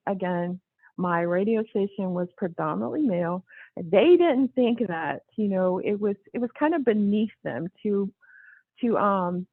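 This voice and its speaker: A woman with a gravelly edge to her voice tells a story in casual, lively talk. She comes through a narrow, tinny phone line with no room sound at all. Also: medium pitch, no room sound. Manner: animated, acts out quoted voices. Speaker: interview guest.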